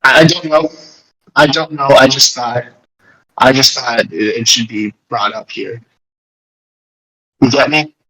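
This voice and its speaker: A man's voice: medium pitch, steady tone, unhurried, long pauses, pushed and bright, breathy edge, rough recording. Young adult male podcast host, casual and rambling, joking, mid-range voice. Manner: rambling, restarts, jokey. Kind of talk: casual album breakdown.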